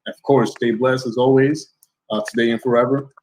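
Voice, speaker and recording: A man's voice: medium pitch, fairly even intonation, normal speed, darkish tone, a little hiss or hum, low-quality recording. A man hosting a livestream interview, thanking and blessing his viewers effusively. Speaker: host. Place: home setup in Florida.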